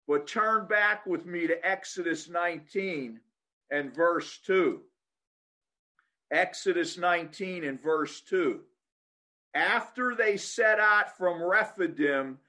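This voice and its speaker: A man preaching a sermon, emphatic and full of rhetorical questions, repeating phrases for emphasis and swinging between shouted points and low asides.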